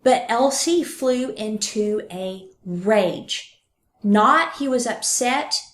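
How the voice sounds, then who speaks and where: A woman hosting a true crime podcast, retelling a case with lively acted-out quotes. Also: a little high, very slow, reverberant. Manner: animated, acts out quotes. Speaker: podcast host.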